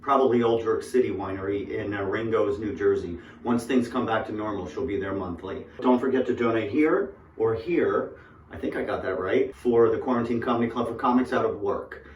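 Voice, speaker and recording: A man's voice: on the low side, a little fast, a little hiss or hum. A male host giving upbeat emcee introductions between comedians. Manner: upbeat, builds to a loud announcement. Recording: roomy, distant, with faint music.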